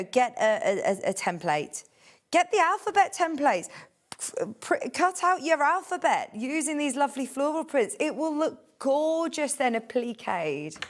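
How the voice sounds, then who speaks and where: A woman presenting a live TV shopping show, gushing and chatty with enthusiasm. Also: fairly high pitch.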